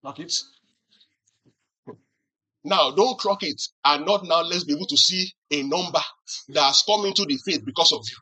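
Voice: mid-range voice, moderate pace, long pauses, sharp tone, slightly rough, low-quality recording. A pastor preaching a sermon who keeps asking the congregation questions to answer back and teases them with acted-out examples. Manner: teasing humor with acted-out examples.

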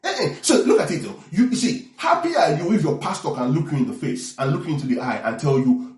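A man preaching a sermon as pastor, animated, often checking in with the congregation. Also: fairly high pitch, quick pace, hardly any pauses, soft background music. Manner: animated preaching with call-and-response asides. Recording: echoey room from far off.

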